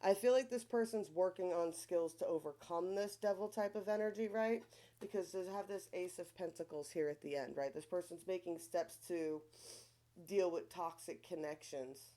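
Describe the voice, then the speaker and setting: Lower-voiced Long Island woman reading tarot. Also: moderate pace, warm tone. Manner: chatty, keeps asking "right?", swears freely. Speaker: tarot reader.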